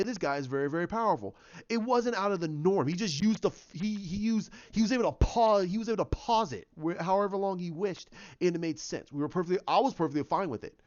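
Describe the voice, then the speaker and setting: A man giving a casual spoken movie review, excited and rambling, restarting and repeating his words. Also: high voice, muffled recording. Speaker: film reviewer.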